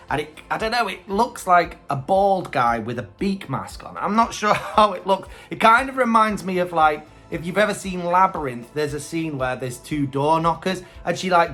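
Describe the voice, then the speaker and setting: Chatty, lively male reviewer. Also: a little high. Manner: chatty, hesitant opinions. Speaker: host. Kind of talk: casual review commentary.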